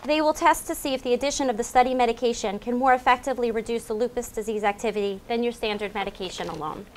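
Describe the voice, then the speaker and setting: Woman narrating a measured explainer. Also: a little high, steady tone. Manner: clear, measured explanatory reading. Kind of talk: scripted informational narration.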